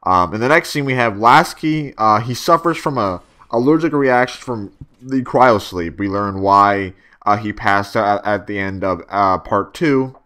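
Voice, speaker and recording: A man's voice: lowish voice, unhurried, pushed and bright, clear, resonant tone. A young man giving a casual spoken video review, rambling with many fillers and restarts and swearing freely.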